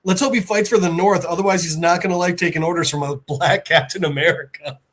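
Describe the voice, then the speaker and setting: A man voicing a sarcastic male masked mercenary with dry, deadpan delivery. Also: fairly high pitch, quick pace.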